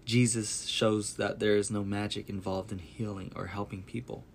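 Slow, deep, gravelly male storyteller. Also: slight background noise. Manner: slow, even, deliberate reading. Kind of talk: scripted Bible story narration.

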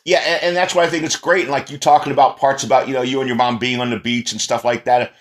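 Halting male talk-show host. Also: mid-range voice, steady tone, fairly bright tone. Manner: halting, many restarts and "you know" fillers. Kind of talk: casual interview chat.

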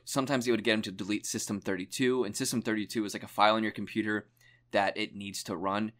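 A young man with a somewhat low-pitched voice trades stories in a loose, casual chat. He swears freely and laughs often, building his stories with animated energy. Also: quick pace. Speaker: podcast co-host.

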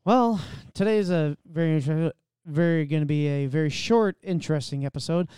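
A man's voice: on the high side, moderate pace, dark tone, clean tone, no echo. A man hosting a casual faith podcast, who stumbles over his words and laughs at his own slips. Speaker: podcast host.

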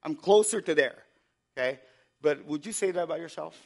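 A man preaching a sermon, moving between quiet, reflective passages and loud, impassioned exhortation, often asking the congregation to respond. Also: fairly high pitch, a little fast, pauses often. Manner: asks the congregation for call-and-response. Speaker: pastor.

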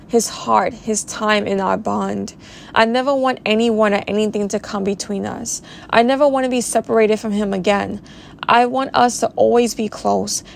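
Woman podcast host, earnest and emotional testimony, creaky mid-pitched voice, faint noise behind. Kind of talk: personal faith testimony.

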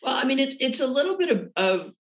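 A man's voice: very high-pitched, sing-song, fast talker, muffled recording, music in the background. A man who is a guest entrepreneur, talking reflectively in a casual interview with many restarts.

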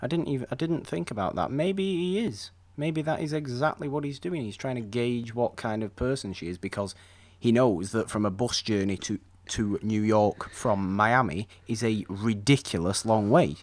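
A man's voice: mid-range voice, moderate pace. A man in casual conversation about a classic film, enthusiastic and rambling, often restarting his sentences.

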